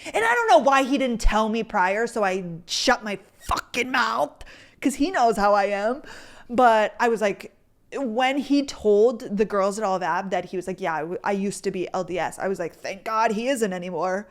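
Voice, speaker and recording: A young woman in her twenties hosting a podcast, telling a story in a chatty, animated, self-deprecating way. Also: mid-range voice, moderate pace. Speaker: podcast host. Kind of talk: casual storytelling chat.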